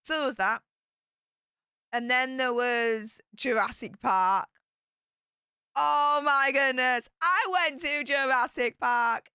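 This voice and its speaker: A young woman chatting excitedly on her livestream, telling travel stories in a chatty, excitable way. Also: high-pitched, slow, long pauses, clean tone, no room sound, clean studio sound. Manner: chatty and excitable, with bursts of squealing. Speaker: YouTube streamer. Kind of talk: casual livestream storytelling.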